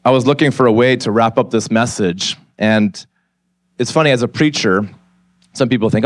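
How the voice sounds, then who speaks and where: A man's voice: medium pitch, moderate pace, no room sound, studio quality. A man in his forties preaching a sermon as a pastor, moving from candid, conversational storytelling to an earnest appeal from a church stage.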